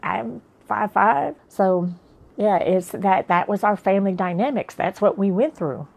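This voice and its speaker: A woman's voice: mid-range voice, unhurried, vocal fry, a little mellow. Frank, plain-spoken woman telling her story. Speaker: author. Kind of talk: candid personal storytelling.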